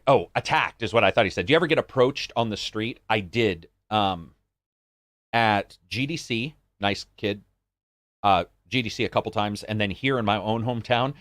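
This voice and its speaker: A man's voice: brisk, no room sound. A man from the United States co-hosting a podcast, chatting casually and swearing freely. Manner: animated, swears freely, acts out greetings in a higher voice. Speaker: podcast co-host. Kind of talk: casual chat.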